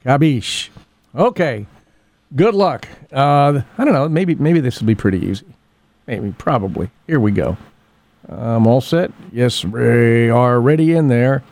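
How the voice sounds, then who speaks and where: A man's voice: mid-range voice, a little slow, a little mellow, dry recording. A man hosting a local radio morning show, reading the weather and ads and chatting with callers in a folksy, rambling way. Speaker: radio host.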